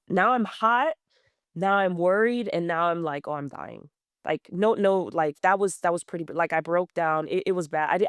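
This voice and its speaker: A woman in her thirties, a runner appearing as a podcast guest, tells her story candidly and conversationally in a smooth, lowish voice. She is blunt and plain-spoken, with many fillers and restarts. The studio-quality audio has no echo.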